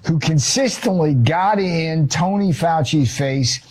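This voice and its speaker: A male author and economist, a guest on a talk show, telling an animated story and acting out quotes, with casual swearing. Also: on the high side, slow pace.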